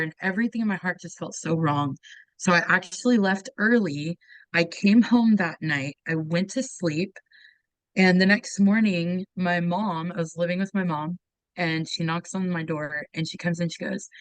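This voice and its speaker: A woman's voice: on the low side, moderate pace, dry recording, poor audio. A woman in her thirties earnestly telling a personal testimony, often saying "like" and acting out the voices she quotes. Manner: earnest, acts out quoted voices, frequent "like" fillers. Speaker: guest sharing her testimony.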